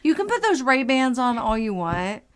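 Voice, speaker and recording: A woman's voice: on the high side, very animated, normal speed. A young adult woman co-hosting a podcast, blunt and sarcastic in casual chat, laughing often. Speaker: podcast co-host.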